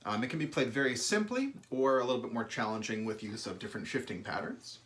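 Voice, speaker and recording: A fast-talking man with a medium-pitched voice and lively intonation teaches a violin lesson, explaining bowing and shifting and counting out beats. Loud violin playing runs underneath his talk.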